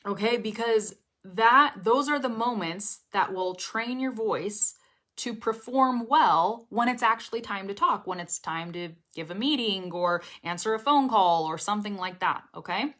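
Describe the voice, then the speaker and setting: A woman's voice: mid-range voice, a little slow, fairly bright tone. Chatty woman teaching English pronunciation. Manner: chatty, encouraging, often checks in with "okay?" and "right?". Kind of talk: casual spoken lesson to camera.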